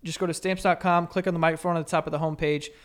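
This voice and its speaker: A young man co-hosting a podcast, reading sponsor ads and telling animated stories with frequent laughter and casual swearing. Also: on the high side, racing, smooth. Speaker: podcast co-host. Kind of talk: casual chat and ad reads.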